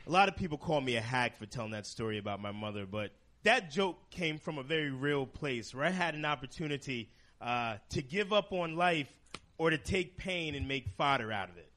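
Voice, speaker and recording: A man performing a crude stand-up comedy set, deadpan and shocking, jumping into shrill outbursts. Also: a little fast. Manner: crude, deadpan shock humor with sudden high-pitched outbursts.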